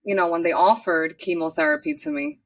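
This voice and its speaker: A woman's voice: mid-range voice, very animated, a little fast, gravelly, far from the mic. A woman from New York City, a podcast guest telling her personal story in an earnest, chatty way and often acting out her own past words.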